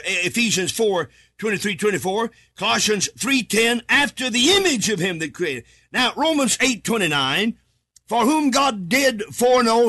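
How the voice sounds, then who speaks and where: A high-voiced American preacher gives a sermon, reading scripture in a half-chanted way and rising to shouts for emphasis.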